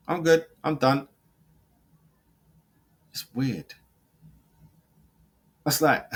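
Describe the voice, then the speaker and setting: A man, a football fan vlogger, ranting heatedly in slang, jumping from loud mocking outbursts to low muttering. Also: slightly rough. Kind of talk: reacting and ranting to camera.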